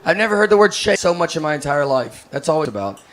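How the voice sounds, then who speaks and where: A middle-aged man doing a stand-up comedy set, telling rambling deadpan stories full of fillers. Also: a little high, fast talker, slight background noise. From United States. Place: stage before a laughing audience.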